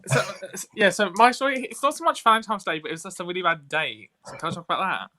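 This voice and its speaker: A man, co-hosting a casual podcast over a video call and telling a story in a lively, swearing way. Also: high-pitched, quick pace. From England. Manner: animated, swearing, lively quoted dialogue. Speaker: co-host.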